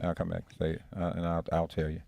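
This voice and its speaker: A man with a very low voice preaching in a church, earnest and repeating his points as he goes. The sound is dry and close, with little room echo. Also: monotone, fast talker, vocal fry, darkish tone. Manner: earnest, repetitive, restarts phrases. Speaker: pastor. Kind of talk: interactive sermon.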